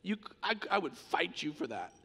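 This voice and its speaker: Gravelly, high-pitched preaching man. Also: very animated, normal speed, pushed and bright. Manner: impassioned, emphatic preaching. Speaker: pastor. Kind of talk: sermon. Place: church sanctuary. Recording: long church reverb.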